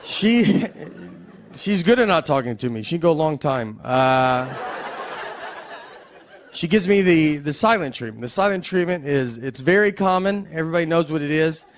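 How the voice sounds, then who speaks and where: A man performing a stand-up comedy set in a slow, deadpan drawl with wry pauses, recorded live. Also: on the high side, slight background noise. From American South. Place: live comedy venue with audience laughter.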